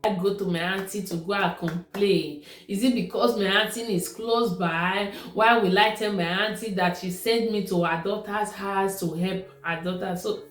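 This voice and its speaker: A woman vlogger with a Nigerian accent tells a personal story casually and conversationally, repeating herself at times. Her medium-pitched voice has fairly even intonation and a moderate pace, recorded in an echoey room with faint music.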